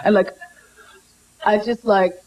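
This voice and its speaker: A woman's voice: mid-range voice, steady tone, slow, voice pushed down, natural voice. Woman doing a whiny young surfer girl. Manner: valley-girl talk full of "like" and "okay". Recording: loud crowd and noisy live tape.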